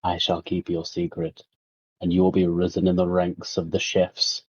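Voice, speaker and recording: A man's voice: deep voice, completely flat delivery, normal speed, breathy edge, dry recording, lo-fi sound. A man voicing a formal adult character in a tabletop game, speaking stiffly and politely.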